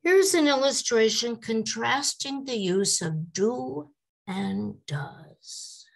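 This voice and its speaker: Slow, gravelly woman teaching English. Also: on the high side, lively intonation. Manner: deliberate, models example questions aloud. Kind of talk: slide-based teaching lecture.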